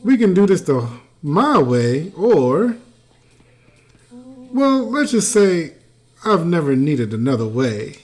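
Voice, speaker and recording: A player voicing a kid who is faking a gruff, menacing detective voice during an interrogation. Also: mid-range voice, very animated, slow pace, pauses often, a little mellow. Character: kid acting as a gruff tough-guy detective.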